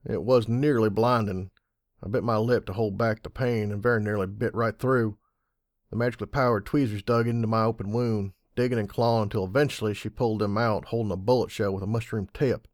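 A man reading fan fiction aloud in an audiobook style, measured and wry. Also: on the low side, steady tone, no echo, clean studio sound. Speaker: audiobook reader.

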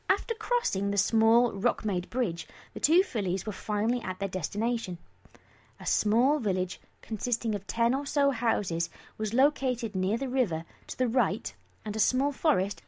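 A woman reading a story aloud as narrator, in an expressive, animated manner. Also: fairly high pitch.

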